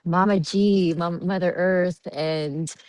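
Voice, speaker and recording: A woman's voice: on the low side, fairly even intonation, slow, a little mellow, dry recording. A woman guest chatting on a podcast, giggly and dreamy, with many fillers. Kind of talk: casual podcast chat.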